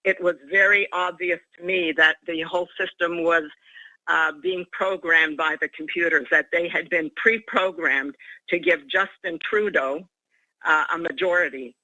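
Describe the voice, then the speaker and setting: Very bright earnest woman on a phone line. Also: lowish voice, steady tone, measured pace, no echo. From Canada. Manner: earnest, formal. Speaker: caller. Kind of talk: call-in talk radio.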